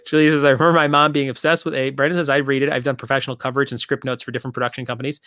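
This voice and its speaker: A man's voice: mid-range voice, little pitch movement, racing, hardly any pauses, a bit bright, no room sound, studio quality. A young man hosting a casual live-stream trivia show, joking and rambling as he reads out viewer comments.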